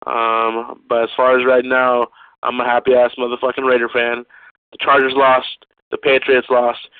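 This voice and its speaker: A man's voice: mid-range voice, dry recording. A man calling in to a fan show, gloating and cursing about a rival team losing. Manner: profane gloating trash talk. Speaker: caller. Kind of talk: call-in voicemail rant. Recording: tinny phone line.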